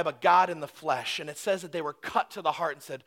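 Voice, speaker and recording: A man preaching a sermon, swinging between loud, emphatic stretches and hushed, quiet asides. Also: fairly high pitch, a little fast, vocal fry. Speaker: pastor.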